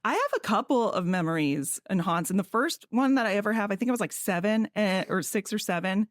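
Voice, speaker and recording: A woman from California co-hosting a podcast, chatting casually and laughing often between quick asides. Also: mid-range voice, animated, dry recording, studio quality. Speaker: podcast co-host. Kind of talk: casual chat.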